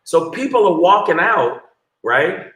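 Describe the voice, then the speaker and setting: Comedian guy telling stories, bright voice, blunt and cussing, roomy echo. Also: sits high, a little slow. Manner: blunt, profane, animated storyteller. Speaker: comedian guest. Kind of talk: casual storytelling interview.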